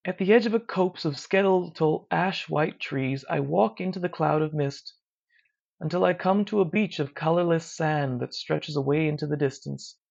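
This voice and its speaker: A narrator reading a dark first-person horror story in a slow, measured, hushed way. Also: medium pitch. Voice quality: gravelly. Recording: dull lo-fi recording.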